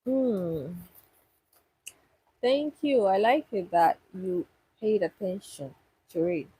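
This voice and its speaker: Young woman chatting slowly on a live stream, raspy breathy voice, keeps restarting. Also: medium pitch, animated, warm tone, no room sound, poor audio. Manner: chatty, thinks aloud with restarts. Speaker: livestream host answering viewers. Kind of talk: casual live chat.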